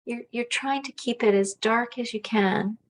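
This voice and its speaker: A woman teaching a guided self-massage relaxation, speaking gently and unhurriedly with soft pauses and fillers. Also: on the high side, a little hiss or hum.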